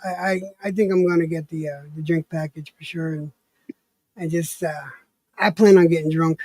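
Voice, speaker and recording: A man's voice: on the high side, fairly even intonation, moderate pace, a little mellow, dry recording. A man hosting a casual stream chat, joking and laughing, with profane banter.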